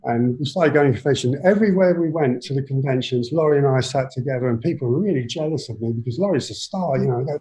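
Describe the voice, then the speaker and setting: A man in his seventies with an English accent, a guest telling his life story in a rambling, halting way full of restarts. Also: medium pitch, dark tone, low-quality recording. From England. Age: 70s. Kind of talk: personal storytelling in an interview.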